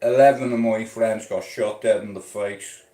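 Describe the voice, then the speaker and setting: A man's voice: lowish voice, fairly even intonation, moderate pace, warm tone. A man with an Irish accent rambling on a live stream, intense and swaggering, swearing and repeating questions at his viewers. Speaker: livestreamer. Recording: roomy echo.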